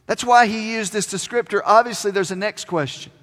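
A man preaching a sermon as pastor, stressing key words by slowing down and pausing. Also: sits high, fairly bright tone, big-room sound. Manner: emphatic, slows down on key words.

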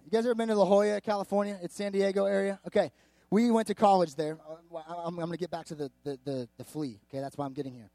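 High-voiced, lively preaching man. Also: quick pace, dry recording. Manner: energetic, conversational preaching with acted-out quotes. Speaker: youth pastor. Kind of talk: sermon.

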